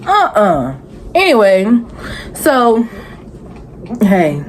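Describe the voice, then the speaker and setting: A woman's voice: medium pitch, moderate pace, pauses often, poor audio. Sassy young woman with a faint hiss. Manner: animated, sassy, talks back at the screen with rhetorical questions. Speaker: vlogger reviewing a reality show. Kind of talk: casual chatty TV recap.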